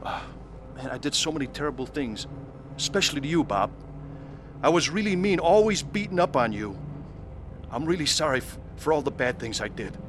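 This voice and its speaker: A man's voice: on the high side, very animated, brisk, noisy background. A man narrating his own faith testimony in an earnest, pleading way and acting out the scenes. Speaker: narrator of his conversion story.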